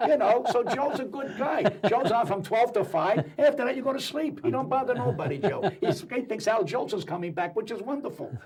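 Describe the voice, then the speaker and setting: A man talking as a guest on a talk show, telling jokes and opinions in a rapid, wisecracking way. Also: extremely high pitch, expressive, a crowd in the background. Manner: rapid, joking, wisecracking storyteller. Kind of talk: animated talk show banter.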